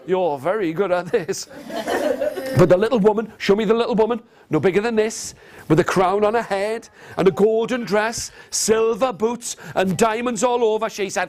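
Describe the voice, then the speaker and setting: A man telling an interactive story to nursery children in a classroom, animated and coaxing, getting them to copy his gestures. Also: sits high, moderate pace, a faint crowd. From England. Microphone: video camera. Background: guitar.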